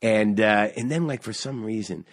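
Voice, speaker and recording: A man's voice: fairly low pitch, moderate pace, dry recording, studio quality. A middle-aged man, a stand-up comedian, telling a story in casual chat, swearing often and restarting his sentences as he gets heated. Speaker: stand-up comedian, podcast guest.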